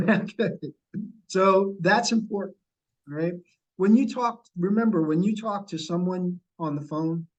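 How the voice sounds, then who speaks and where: A man's voice: a little high, highs cut off. A middle-aged man leading a sales training session over a video call, coaching and repeating key points. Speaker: real estate sales trainer.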